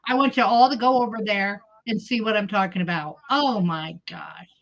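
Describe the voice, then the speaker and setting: A woman's voice: medium pitch, moderate pace, creaky. A middle-aged woman chatting casually on her livestream, heckling and giggling as she reads viewers' comments. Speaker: livestream host.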